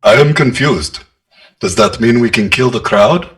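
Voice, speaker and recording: A man's voice: medium pitch, measured pace, fairly bright tone. A man joking as a player at a tabletop game. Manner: joking, wisecracking. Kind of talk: casual game table banter.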